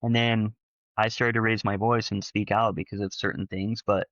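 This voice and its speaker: A man sharing his experiences in casual conversational storytelling, rambling and animated with lots of fillers. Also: fairly low pitch, moderate pace, dry recording, muffled recording. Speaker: panel guest, former church member.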